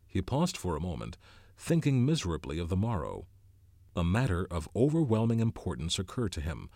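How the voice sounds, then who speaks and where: A man reading a novel aloud as an audiobook narrator, with tense, expressive storytelling. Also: low voice, normal speed, dry recording, studio quality. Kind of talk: scripted narration.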